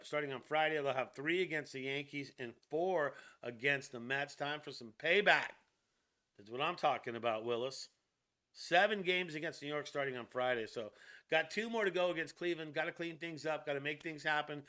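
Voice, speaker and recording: A man hosting a casual sports news channel, chatting excitedly with jokey asides and laughs. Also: on the high side.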